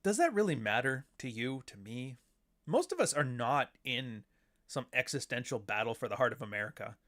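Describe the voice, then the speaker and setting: A man's voice: mid-range voice, big pitch swings, moderate pace, fairly bright tone. A man hosting a podcast, ranting in a casual, profane and sarcastic way. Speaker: podcast host. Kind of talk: casual livestream rant.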